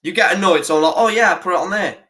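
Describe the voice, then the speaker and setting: Sweary lad ranting at football. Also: male voice, high voice, fast talker, sharp tone. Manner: frustrated, swears a lot, rants at the referee. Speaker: football watch-along host. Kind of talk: live football watch-along commentary.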